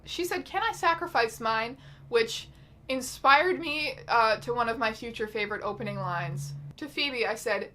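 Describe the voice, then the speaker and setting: A woman hosting her own channel, reading out chat messages in a casual, wry, deadpan way with some swearing. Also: a little high. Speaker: YouTube host.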